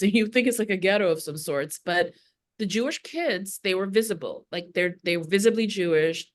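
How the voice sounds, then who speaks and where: Earnest lower-voiced woman telling stories. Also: fairly quick. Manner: earnest, repeats words as she explains. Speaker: podcast guest, Jewish educator. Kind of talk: conversational storytelling.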